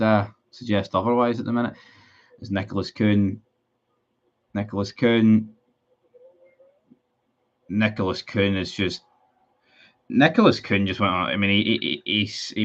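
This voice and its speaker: A man's voice: on the low side, a bit bright, highs cut off. A Scottish man streaming a live football watchalong, chatting with his viewers, frustrated and sweary about his team. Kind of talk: live match watchalong commentary.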